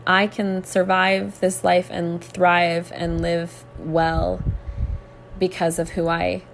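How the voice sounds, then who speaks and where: Earnest woman talking to her listeners, kinda low voice w vocal fry, faint hiss behind. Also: level tone. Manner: earnest, reflective, thoughtful pauses. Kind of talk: personal faith reflection to listeners.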